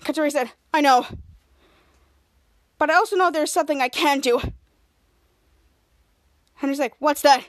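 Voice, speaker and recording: Young female podcast host, high voice, casual TV recap, jumps into quoted lines with loud outbursts. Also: moderate pace, pauses often. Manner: acts out characters' lines with bursts of loud, high shouting.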